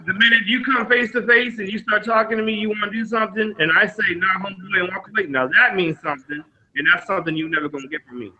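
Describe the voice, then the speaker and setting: Confrontational man from Boston with a high, very sharp voice, dull lo-fi line with faint noise. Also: steady tone, fast, few pauses. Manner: confrontational, threatening, heavy cursing. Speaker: podcast guest. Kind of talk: heated argument.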